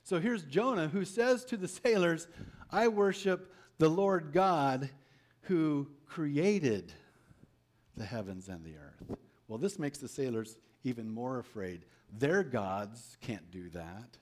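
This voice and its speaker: A man's voice: on the high side, animated, slow pace. A man preaching a sermon, reading a Bible story aloud and asking his listeners rhetorical questions.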